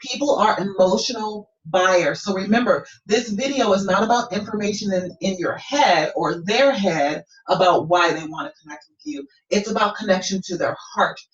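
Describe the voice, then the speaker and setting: A woman coaching students in an encouraging way, often checking in with "okay?". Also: lowish voice. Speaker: business coach. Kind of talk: coaching lesson. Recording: roomy, distant, dull lo-fi sound.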